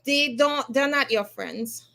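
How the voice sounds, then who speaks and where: A woman's voice: sits high, slow, vocal fry, pushed and bright. A woman from Haiti, a law firm owner speaking candidly and reflectively as a guest in a podcast interview.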